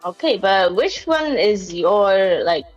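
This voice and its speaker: A woman from Malaysia chatting casually, slow and relaxed with short agreeing replies. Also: mid-range voice. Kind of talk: casual chat. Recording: dull lo-fi audio with faint music.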